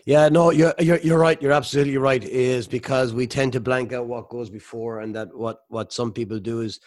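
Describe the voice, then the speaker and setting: A man hosts a radio interview, with a middle-pitched voice. He asks questions in a relaxed, conversational way. His sentences often stall and restart. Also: fairly quick. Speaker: radio host.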